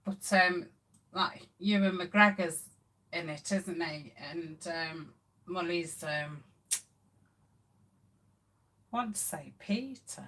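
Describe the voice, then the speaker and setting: Speaking slowly in a fairly low, somewhat bright voice, the craft channel host, a middle-aged woman, chats with her live stream audience. She reads out their comments, saying "um" often.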